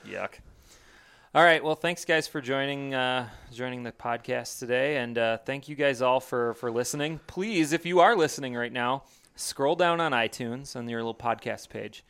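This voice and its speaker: A man's voice: mid-range voice, normal speed, fairly bright tone, clean tone. A man hosting a casual sports podcast, loose and joking as he rambles. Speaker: podcast host.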